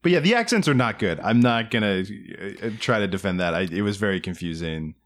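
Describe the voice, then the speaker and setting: A man's voice: lowish voice, animated, a little fast. Guy cohosting a movie podcast, rambly, keeps restarting, voice bounces up and down a lot. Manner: rambling, hedging, self-correcting. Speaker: podcast co-host. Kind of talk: casual movie-review chat.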